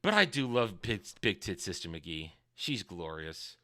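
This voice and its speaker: Sarcastic man ranting in a bright voice. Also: deep voice, very animated, a little slow. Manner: sarcastic, rambling, swings from loud to mumbling. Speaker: online show reviewer. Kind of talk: casual ranting review.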